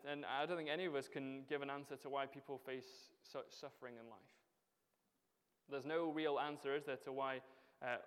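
Preacher in a reverberant hall. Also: male voice, medium pitch, fairly bright tone, clear, resonant tone. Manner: conversational, with frequent rhetorical tag questions. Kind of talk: sermon.

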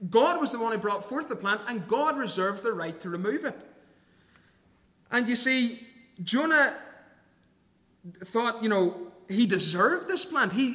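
A man's voice: high-pitched, bright, forceful tone, in a large hall. A man preaching a sermon, earnest and emphatic, reading scripture aloud and explaining it.

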